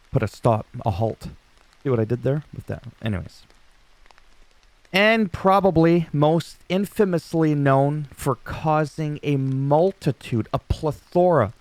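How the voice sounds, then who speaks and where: A man's voice: on the high side, a little mellow, no echo. A man in his forties giving casual solo wrestling news commentary, joking and self-mocking with rambling asides.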